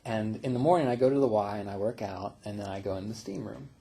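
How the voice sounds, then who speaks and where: A man who teaches meditation, telling personal stories in a relaxed, reflective way, with fillers and small laughs. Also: lowish voice, quick pace, gravelly, husky. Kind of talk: casual spiritual talk.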